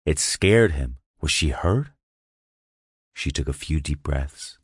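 Super deep husky guy reading an erotic audio story, slow and hushed, dry close mic. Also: expressive, no echo. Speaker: narrator.

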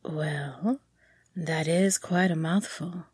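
A woman voicing a teasing, commanding young man in a low growling voice, often half-whispered, as she reads an audiobook. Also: slow pace, darkish tone, husky, no echo, studio quality, heavily acted. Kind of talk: audiobook reading.

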